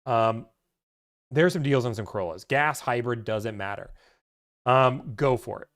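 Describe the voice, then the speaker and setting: A man giving car-buying advice on a live stream, chatty and animated, cracking jokes as he talks. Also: mid-range voice, unhurried. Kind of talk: casual live-stream talk.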